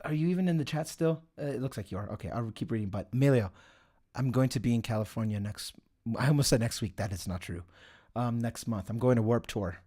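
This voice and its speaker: A man's voice: medium pitch, fast talker, warm tone. A young man hosting a casual livestream, rambling, swearing and chatting to viewers. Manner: rambling, swears, laughs often. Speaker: livestream host. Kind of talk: casual livestream chat reading the chat.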